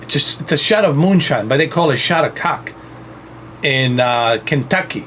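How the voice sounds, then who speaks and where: A man's voice: a little high, animated, normal speed, a bit bright, a little hiss or hum. A man giving casual, joking commentary while playing a flight game, exclaiming to himself. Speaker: gaming streamer.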